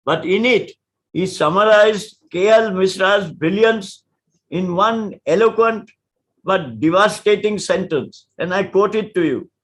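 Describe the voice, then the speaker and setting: An older man, a senior advocate giving a formal lecture, measured and deliberate, stressing key words as he tells his stories. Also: high voice, a bit bright. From India.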